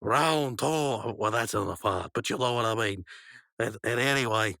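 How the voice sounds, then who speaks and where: A man co-hosting a podcast, casually recapping a cartoon episode in a rambling, animated way. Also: fairly low pitch, fairly quick, creaky, no room sound. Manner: rambling, animated, acts out quotes. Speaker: podcast co-host.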